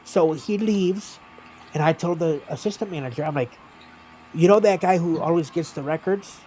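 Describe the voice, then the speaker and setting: A man's voice: fairly high pitch, normal speed, slight background noise. A man, hosting a livestream and casually telling stories from his old retail job, acting out what customers and coworkers said. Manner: animated anecdote telling, acting out other people's lines. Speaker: streamer.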